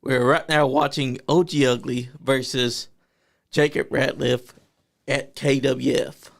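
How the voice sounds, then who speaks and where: Male podcast host, slow and gravelly, laid-back profane banter. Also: mid-range voice, level tone. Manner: laughs often, profane. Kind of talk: casual chat. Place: podcast studio.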